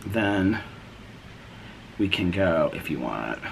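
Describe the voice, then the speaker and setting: A man's voice: low-pitched, sing-song, slow pace, creaky, slight background noise. A middle-aged man chatting casually in a daily vlog from his front porch, retelling his day with quoted back-and-forth dialogue. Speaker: vlogger.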